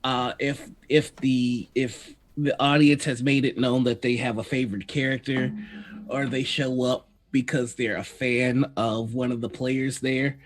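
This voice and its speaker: A man co-hosting a live stream chat, laughing often and talking in halting restarts, with the hiccups. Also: medium pitch, little pitch movement. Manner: giggly, halting, many restarts. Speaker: co-host.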